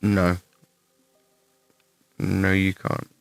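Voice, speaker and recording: A young man with a West Midlands English accent and a slightly low voice answers his viewers on a livestream. He talks in a blunt, profane, rambling way. The sound is dry and close to the mic. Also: monotone, drawn-out words, no echo, soft background music. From England, West Midlands. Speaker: streamer answering chat questions. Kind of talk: casual livestream chat.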